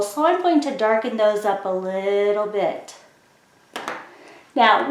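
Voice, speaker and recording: Woman, phonics teacher, slow careful delivery, encouraging, echoey room. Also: fairly high pitch. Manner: slow, clear, encouraging classroom explanation. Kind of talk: phonics lesson for children.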